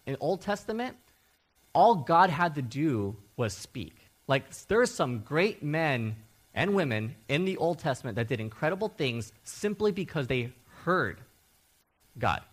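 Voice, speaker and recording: This man's fairly high voice carries an emphatic, animated sermon; as a Bible teacher he keeps repeating key words and checking in with listeners by saying "okay?".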